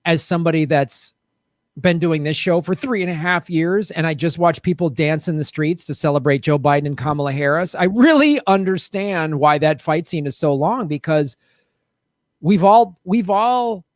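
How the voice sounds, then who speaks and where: High-voiced, indignant male podcast host. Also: normal speed, dry recording, studio quality. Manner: emphatic, indignant. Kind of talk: casual political chat.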